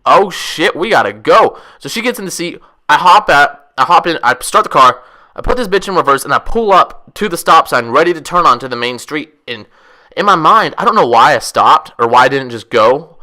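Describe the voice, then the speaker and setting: A young man telling a wild story casually, profane, rambling and excitable. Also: fairly high pitch, fairly quick. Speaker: vlogger.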